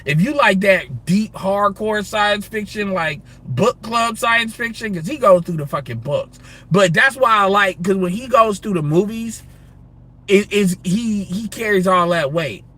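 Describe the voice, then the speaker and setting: Male streamer, bright ringing tone, loose profane rant delivery. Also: high voice, a little slow. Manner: animated, profane, rambling, laughs often. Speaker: livestreamer. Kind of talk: casual live-stream rant.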